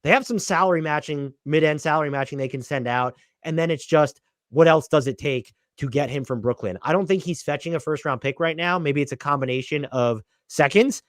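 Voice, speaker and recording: A man's voice: on the high side, a little fast, no echo, clean studio sound. A young man co-hosting a casual podcast, giving strong opinions and thinking aloud. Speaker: podcast co-host. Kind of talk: casual basketball podcast chat.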